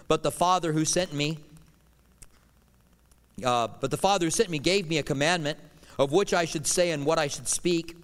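A middle-aged man delivers a sermon with earnest conviction, his voice sitting a little high for a man. He pushes some lines out loudly and drops others to a hush. A long reverb trails each phrase, as in a church sanctuary. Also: smooth. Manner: earnest preaching, swings from loud to hushed. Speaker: pastor.

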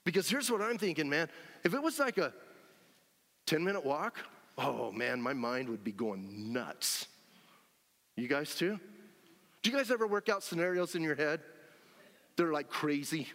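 Male pastor, animated sermon, lively swooping voice, long hall reverb. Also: a little high, moderate pace, pauses often. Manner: animated, acts out scenes, frequent shouts of joy. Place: church sanctuary.

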